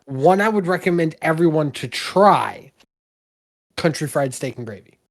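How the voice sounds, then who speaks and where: A man's voice: a little high, lively intonation, moderate pace. A man from the American South, a guest in a casual podcast chat, giving blunt, emphatic opinions and swearing freely.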